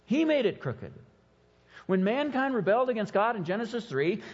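Animated preacher in a reverberant church. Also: male voice, sits high, husky, highs cut off. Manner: animated preaching with mocking put-on quotes. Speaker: pastor. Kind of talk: sermon.

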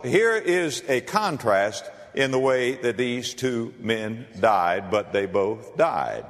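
A man preaching a sermon as pastor, dramatic, swinging between ringing emphasis and hushed tones. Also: mid-range voice, sing-song, slow. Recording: reverberant hall.

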